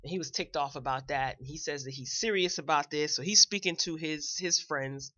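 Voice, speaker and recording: A woman's voice: deep voice, fairly quick, pushed and bright, muffled recording. A woman hosting a show, giving a chatty, opinionated recap in a casual, blunt way. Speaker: show host reviewing a celebrity video.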